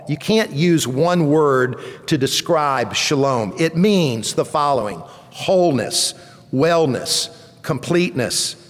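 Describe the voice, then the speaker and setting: A man, a pastor, preaching a sermon with emphatic swells on key words. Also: fairly high pitch. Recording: long church reverb.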